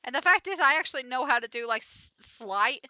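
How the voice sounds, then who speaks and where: Bright-voiced rambling woman streamer. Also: sits high, animated, fairly quick, no echo. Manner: rambling, many fillers and restarts, giggly. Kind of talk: casual gameplay commentary.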